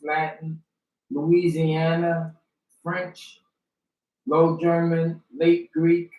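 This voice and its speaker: A man reading a long list of dictionary terms one by one, slow and deliberate. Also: fairly high pitch, narrow, tinny audio. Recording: roomy sound from a distance.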